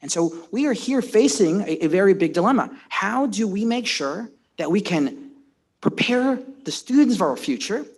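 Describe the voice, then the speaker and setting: A man with a slightly high voice delivers an impassioned floor speech as a county legislator. He stumbles and repeats words as he pushes his point, his pitch climbing as he presses on. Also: lively intonation, normal speed, slightly rough. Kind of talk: floor speech at a public session. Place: legislative chamber.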